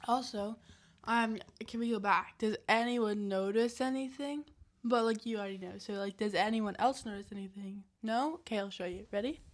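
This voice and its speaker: A woman's voice: mid-range voice, fairly even intonation, brisk. A young woman co-hosting a casual family podcast, chatty and hesitant, with many fillers. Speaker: podcast co-host.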